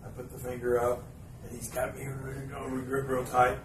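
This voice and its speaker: A man hosting a podcast in front of live fans, telling an anecdote in an animated way and chuckling as he acts out the scenes. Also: medium pitch, moderate pace. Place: live event room with an audience. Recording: roomy, distant live recording with ambient noise.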